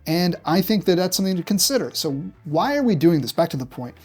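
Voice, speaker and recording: Guy teaching sales email tips, direct and punchy, slightly high voice, faint music under. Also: sing-song, fast talker, a little mellow, husky. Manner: direct, punchy, acts out examples. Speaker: marketing executive presenting a tutorial. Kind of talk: direct-to-camera business tutorial.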